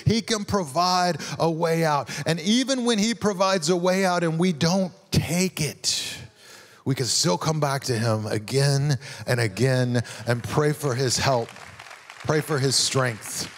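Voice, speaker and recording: A man's voice: on the high side, a little slow. A man preaching a sermon as a guest pastor, telling stories in a conversational way and acting out the lines he quotes.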